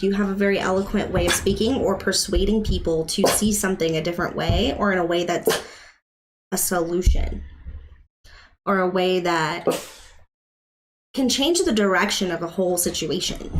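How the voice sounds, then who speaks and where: A woman reads tarot cards on a live stream in a chatty, emotional manner. She speaks directly to her viewers at a medium pitch. Faint noise and clicks sit behind her voice. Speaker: tarot reader.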